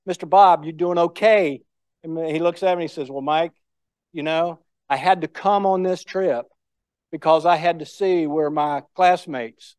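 A man's voice: fairly high pitch, darkish tone, clear, resonant tone, dry recording. Older man telling war stories folksily. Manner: folksy anecdotal storytelling. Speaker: guest speaker. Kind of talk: storytelling speech.

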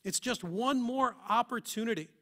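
A man's voice: very high voice, normal speed, sharp tone. A man preaching a sermon as pastor, talking earnestly and asking his listeners many rhetorical questions. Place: church.

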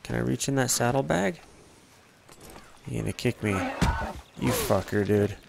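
A man's voice: mid-range voice, animated, unhurried, creaky, background noise. A man giving casual gameplay commentary, laid-back and profane, muttering to himself. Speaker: gamer.

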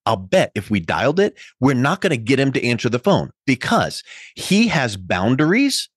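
A man's voice: mid-range voice, big pitch swings, normal speed, breathy edge, dry recording, studio quality. A middle-aged man hosting a podcast interview, talking in a folksy way with everyday analogies. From Colorado. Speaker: podcast host. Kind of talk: conversational interview.

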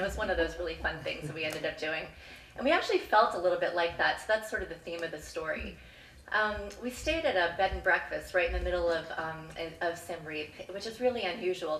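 A woman on the school committee telling a travel story at a live story slam, measured and earnest, pausing often with "um". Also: lowish voice, fairly bright tone. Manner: measured, earnest, frequent "um" pauses. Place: stage in a hall. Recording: echoey hall, mic from far off.

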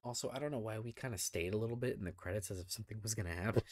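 Mellow low-voiced man, casual film chat. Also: very fast, dry recording, clean studio sound. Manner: relaxed, hedging, rambling. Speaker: podcast co-host.

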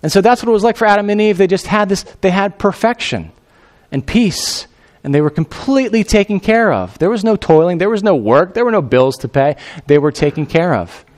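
A male pastor preaching a sermon in a conversational, animated way, with fillers like "you know" and "I mean". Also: high-pitched, brisk.

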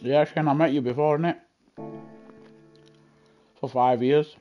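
A man chatting casually on a gaming live stream through a headset, effusive and excitable as he gushes at his viewers. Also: fairly high pitch, a little slow, highs cut off, faint music behind. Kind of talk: casual live-stream chat while racing.

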